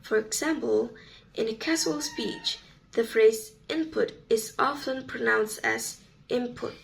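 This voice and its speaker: A woman student reading a class presentation on sound rules, slow and careful. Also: a little high, creaky, low-quality recording.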